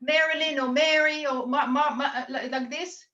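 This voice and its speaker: Woman medium on a lo-fi video call, high and bright, earnest, relays spirit messages in quotes. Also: steady tone, moderate pace. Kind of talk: mediumship reading at a church service.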